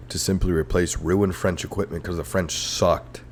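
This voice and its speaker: A man's voice: low-pitched, steady tone, moderate pace, few pauses, darkish tone, slightly rough. A man hosting a comedic history podcast, rambling and sarcastic, with frequent profane rants. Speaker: podcast host.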